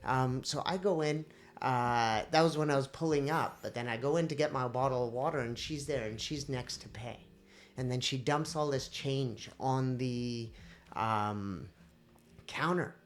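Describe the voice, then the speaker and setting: A woman's voice: extremely low pitch, unhurried. Woman telling a story, acting out voices. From India. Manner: animated, acts out quoted voices. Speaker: podcast host. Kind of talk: casual storytelling.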